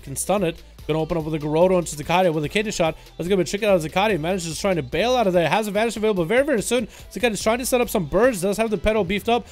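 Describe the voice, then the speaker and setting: A young man casting a video game duel as rapid play-by-play commentary, excitable and hype. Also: sits high. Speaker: game caster.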